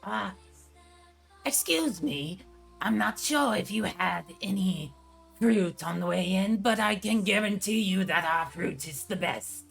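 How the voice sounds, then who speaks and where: A man's voice: high-pitched, expressive, measured pace, vocal fry, fairly bright tone, breathy edge, soft background music, pitched above the performer's own voice, heavily acted. A man voicing a small, pushy male goblin fruit vendor with a scratchy, eager sales patter.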